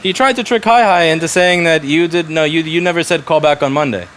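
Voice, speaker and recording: A man's voice: fairly high pitch, fairly quick, a bit bright, slight background noise. Blunt, profane man in a repair shop. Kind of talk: casual workplace talk.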